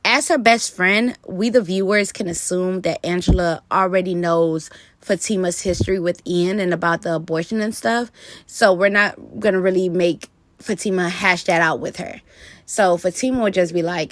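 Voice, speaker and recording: A woman's voice: lowish voice, fairly even intonation, normal speed, no echo. A woman talking casually about a TV show, rambling with fillers as she works through her ideas. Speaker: TV commentator. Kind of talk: casual commentary vlog.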